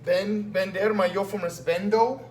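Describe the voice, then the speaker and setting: Unhurried, with a high voice and fairly even intonation, a man teaches Spanish by walking students through a written exam. He repeats his patient explanations and checks in with "okay?" a lot. Recorded in an echoey room with a faint hum.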